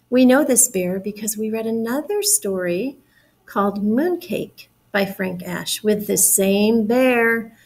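A woman's voice: mid-range voice, breathy edge, poor audio. A woman reading a storybook aloud to young children, explaining words and asking them questions. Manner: warm, slow, encouraging, explains words.

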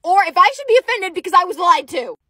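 A young woman with a high, bright voice tells a comic storytime about herself. She is dramatic and animated, and punches key words with loud emphatic outbursts. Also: quick pace, no echo. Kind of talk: comedic storytime monologue.

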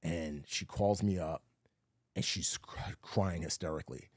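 A man on an interview show telling a long personal story, animated and full of fillers, acting out the voices of other people. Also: sits low, measured pace, no room sound. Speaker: guest, former Navy SEAL and actor. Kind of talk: casual storytelling conversation.

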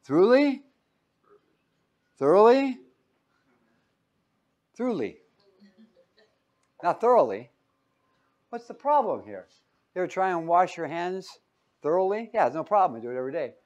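A man's voice: on the high side, moderate pace, long pauses. A man teaching a Bible lesson as a sermon, joking and quizzing his listeners. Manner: jokey, asks the audience questions; lively, swings between loud and quiet.

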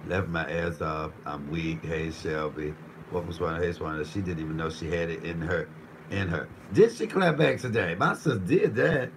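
A man hosting a live stream while cooking, ranting with heavy profanity and swinging between low muttering and raised shouting. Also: moderate pace, background noise. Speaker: livestream host.

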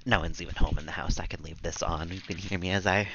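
Low-voiced man streaming at home. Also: steady tone, fast, gravelly, background noise. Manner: coaxing baby talk to his cat, laughs often. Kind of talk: casual live-stream chat. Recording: dull dry sound.

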